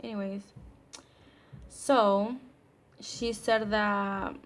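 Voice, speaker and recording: Flat-voiced young woman telling a story. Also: mid-range voice, drawn-out words. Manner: chatty, filler-heavy, swears casually. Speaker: storytime vlogger. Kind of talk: casual storytelling.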